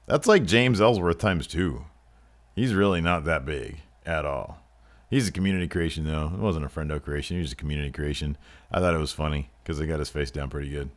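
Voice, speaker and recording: A man's voice: very deep voice, brisk. A man giving jokey, profane mock wrestling play-by-play while playing a video game. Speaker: gameplay commentator.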